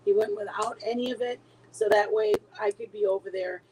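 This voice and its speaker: A woman's voice: medium pitch, steady tone, a little fast, a little mellow, a little hiss or hum, low-quality recording. A middle-aged woman chatting casually with her viewers, telling a long story with many restarts and trailing thoughts. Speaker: livestream host.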